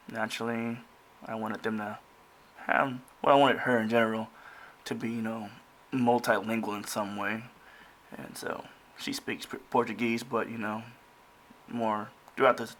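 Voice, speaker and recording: A man's voice: mid-range voice, gravelly, a bit bright, a little hiss or hum. A man casually walking through pages of his own comic, rambling with many restarts and fillers. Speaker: comic creator.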